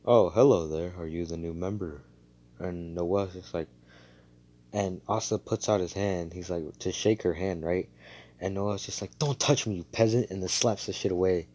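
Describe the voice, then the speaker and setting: Deep mellow guy on voice chat rambling thru a fan story, lots of ums and swearing. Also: lo-fi sound. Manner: rambling, profane, filler-heavy. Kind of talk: casual fan-fiction storytelling. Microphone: voice chat mic.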